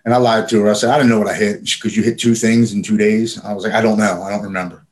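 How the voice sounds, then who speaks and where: A man's voice: fairly low pitch, steady tone, quick pace. A man casually telling a personal story in plain, profane speech with frequent fillers. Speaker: guest telling his recovery story.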